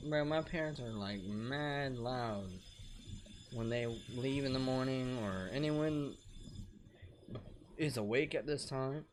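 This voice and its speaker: A young man talks through a late-night game stream at home, venting and rambling with plenty of profanity. His voice sits at a middle pitch, with a faint hiss of noise behind it. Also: slow pace, pauses often. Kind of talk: casual live-stream chat.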